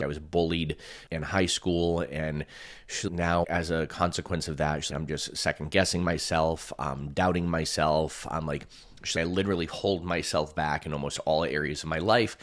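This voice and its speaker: A man and coach telling a personal story in a casual, chatty way, often using "like" and acting out what people said. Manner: animated, acts out quoted voices with big pitch jumps; chatty, filler-heavy with frequent "like". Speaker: energy healing and hypnosis coach.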